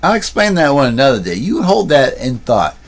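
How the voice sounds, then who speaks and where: A man's voice: mid-range voice, very animated, brisk. A man streaming and vlogging, talking casually and telling a long story with restarts and asides, filmed on a handheld camera. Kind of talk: casual rambling livestream talk.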